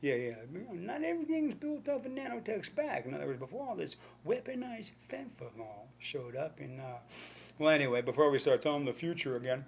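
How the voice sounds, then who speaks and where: A man from New York with a New York accent, telling a rambling, profane stand-up story and acting out the voices with sudden whispers and shouts. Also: fairly high pitch, very animated, a little fast, vocal fry, a little hiss or hum. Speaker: stand-up comedian.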